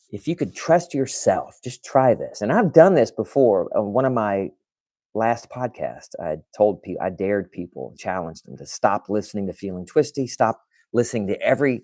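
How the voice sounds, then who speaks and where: A man talks loosely to his live audience as host of his own podcast, often restarting his sentences and answering comments from chat. His voice sits on the low side. The sound is dry and close, with no room echo. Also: darkish tone. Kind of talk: casual livestream talk to viewers.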